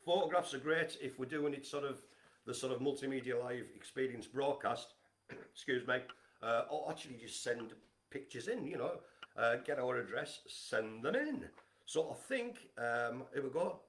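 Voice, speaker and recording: A man's voice: medium pitch, animated, normal speed, fairly bright tone. A man, hosting a casual live stream from home, chatty and jokey with lots of fillers. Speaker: host of a live community broadcast.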